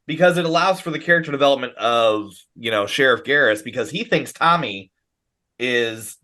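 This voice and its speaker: Man explaining calmly in podcast chat. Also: mid-range voice, normal speed. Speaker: podcast co-host. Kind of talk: casual chat.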